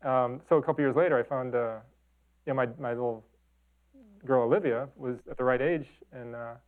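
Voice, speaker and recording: Over a thin, phone-quality recording, a middle-aged man talks informally about his photographs during a talk, rambling and restarting with many fillers. He comes from Chicago and Detroit. His medium-pitched voice holds a steady tone at a fairly quick clip.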